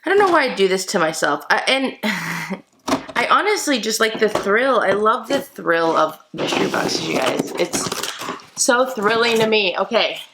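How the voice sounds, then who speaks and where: A woman vlogger chatting excitedly to her viewers while opening mystery boxes for an unboxing video. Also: mid-range voice, normal speed, noisy background. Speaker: toy collector vlogger. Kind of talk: casual unboxing vlog.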